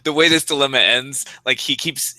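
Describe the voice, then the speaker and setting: A man with a bright, forceful voice co-hosts a casual podcast, recorded close and dry. He tells stories with energy and lifts into a high put-on voice when he quotes someone. He laughs easily through the talk. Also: normal speed, no echo. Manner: animated storyteller who acts out quotes in a high put-on voice. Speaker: podcast co-host. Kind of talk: casual chat.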